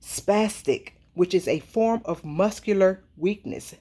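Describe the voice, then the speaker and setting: A social media commentator, a woman, delivers a heated, worked-up monologue to her followers and repeats points for emphasis. Her voice is medium-pitched and mellow, and she speaks slowly.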